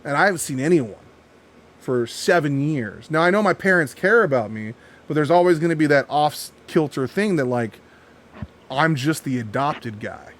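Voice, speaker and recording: A man's voice: a little high, expressive, moderate pace. A man talking in a casual podcast chat, candid, teasing and profane. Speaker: podcast co-host.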